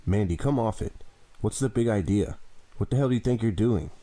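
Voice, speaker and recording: A frightened teenage boy pleads and protests from where he is tied up, as a man reading an audiobook acts him out. His voice is pushed noticeably higher and strained, though still dark in tone. It is a storybook thriller's captive hero. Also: fairly quick, natural voice. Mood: panicked.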